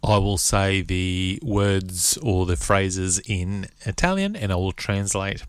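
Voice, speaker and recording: A man hosting a radio segment, teaching phrases and pausing word by word so listeners can repeat. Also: sits low, smooth, no room sound. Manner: spells out phrases word by word for repetition. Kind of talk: slow language-lesson delivery.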